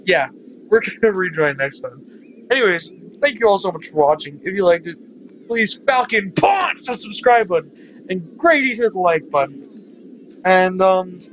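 Animated let's-play host reading aloud. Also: male voice, high-pitched, unhurried, muffled recording, a little hiss or hum. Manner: animated, laughs and reacts loudly. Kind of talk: reading a visual novel aloud with commentary.

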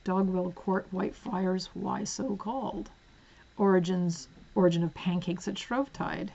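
Woman host, casual haul vlog, gravelly edge, giggly asides, slightly muffled home recording. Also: on the low side, steady tone, unhurried. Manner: chatty, giggly, drifts into soft whispers while reading spines. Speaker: book vlogger.

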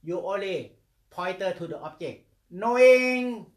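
A monk who teaches meditation gives a dharma talk in simple English, his voice fairly high and his pace slow. He repeats words in rhythmic chains and often asks "okay?", recorded in an echoey room.

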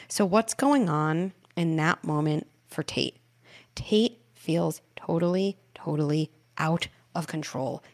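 A middle-aged woman, the host and parenting expert, calmly explaining advice on an advice podcast. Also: on the low side, gravelly. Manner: calm, explanatory, reassuring.

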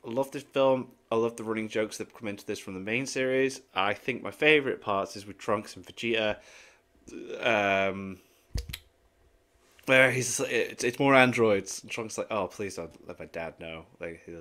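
A man's voice: fairly low pitch, moderate pace, a bit bright. A man hosting a reaction video, chatting casually and thinking aloud with hesitant, rambling asides.

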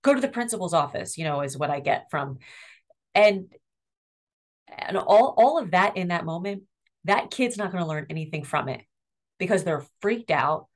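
A middle-aged woman with a low-pitched voice talks earnestly as an interview guest. She explains school discipline with empathy, pausing to demonstrate tones. Her delivery is steady and sincere. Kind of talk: interview conversation.

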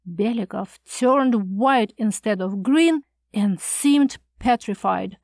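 High-voiced woman narrating an audiobook. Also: gravelly, darkish tone, dry recording, clean studio sound. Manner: measured, storytelling. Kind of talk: scripted narration.

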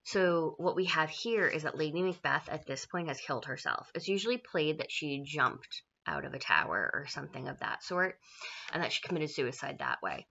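A woman teacher with a low, bright, forceful voice talks through a play in an easygoing, chatty way. She paraphrases often and checks in with "right?". The recording sounds dull and lo-fi. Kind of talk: casual classroom explanation of a play.

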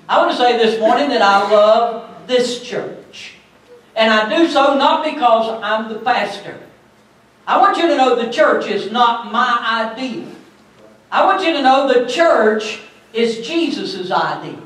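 A man pastor preaching a sermon in a church, building to loud emphatic bursts. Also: sits high. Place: church sanctuary. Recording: very echoey church from far off.

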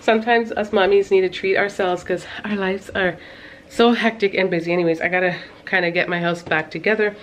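A woman's voice: medium pitch, fairly even intonation, a little fast, a little hiss or hum. A woman in her thirties chatting casually to her vlog viewers, rambling with lots of fillers and little laughs. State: out of breath. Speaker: mom vlogger.

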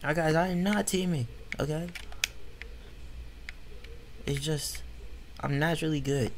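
A man's voice: a little high, unhurried, a little hiss or hum. A man giving casual, grumbling commentary over his own gameplay, slangy and easily frustrated. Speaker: gaming YouTuber.

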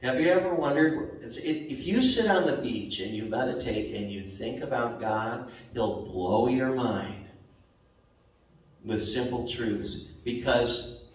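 A man preaching a sermon as pastor, slow and repetitive, rising sharply for emphasis. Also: medium pitch. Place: church sanctuary. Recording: very echoey church hall, mic at a distance.

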